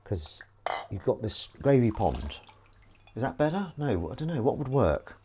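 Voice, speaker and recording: A man's voice: medium pitch, sing-song, unhurried, dark tone, a little hiss or hum. A man live-streaming as he washes dishes at his kitchen sink, rambling wryly to his viewers as he goes. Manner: chatty, wry, talks while doing chores. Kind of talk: rambling casual chat to viewers.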